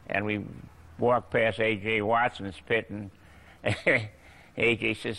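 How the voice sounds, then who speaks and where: An older man telling racing anecdotes in a TV interview, chuckling and pausing on fillers. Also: fairly low pitch, little pitch movement, sharp tone. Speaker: racing journalist guest. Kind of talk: storytelling in a TV interview.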